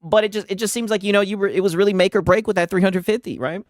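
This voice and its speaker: A man's voice: sits high, fairly even intonation, fast talker, no room sound, clean studio sound, soft background music. A man streaming, reacting to a clip with casual commentary and mocking, laughing asides.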